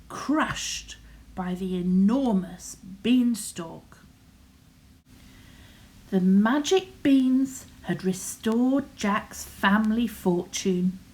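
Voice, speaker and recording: An older woman reading a bedtime story in a soft, often half-whispered voice. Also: fairly high pitch, low-quality recording.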